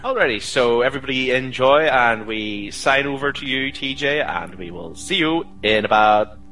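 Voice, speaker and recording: A man's voice: medium pitch, lively intonation, moderate pace, bright, forceful tone, soft background music, low-quality recording. A man co-hosting a retro gaming podcast in casual, jokey chat with playful outbursts. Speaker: podcast co-host. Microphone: desk microphone.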